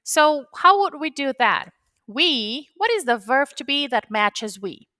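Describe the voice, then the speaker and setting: A woman's voice: high-pitched, sing-song, measured pace, sharp tone, no echo. A woman whose first language is Spanish, patiently explaining an English grammar rule step by step, repeating key points. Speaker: English teacher. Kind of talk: grammar lesson.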